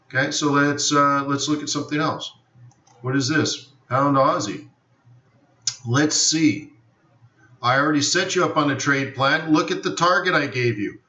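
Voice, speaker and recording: A man's voice: medium pitch, pushed and bright. A man hosting a live forex trading stream, chatting loosely and often saying he doesn't know. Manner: rambling, repeats "I don't know". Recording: roomy, distant, dull lo-fi sound.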